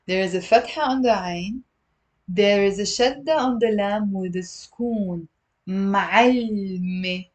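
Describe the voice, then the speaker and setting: A woman with a Lebanese accent teaching a live online Arabic lesson, patiently repeating words slowly and greeting viewers by name. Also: mid-range voice, darkish tone. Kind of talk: live-stream language lesson.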